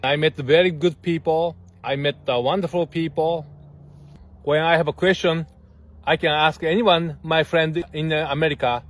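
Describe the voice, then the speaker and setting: A man giving a sincere, simply worded thank-you, pausing to search for words. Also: a little high, fairly even intonation. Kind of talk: short thank-you message.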